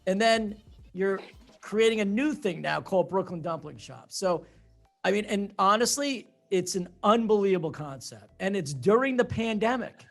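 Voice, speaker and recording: A man's voice: high-pitched, animated, normal speed, vocal fry, a bit bright, faint music behind. A man hosting an interview podcast, praising his guest and often restarting mid-sentence. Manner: enthusiastic, builds up the guest. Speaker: podcast host.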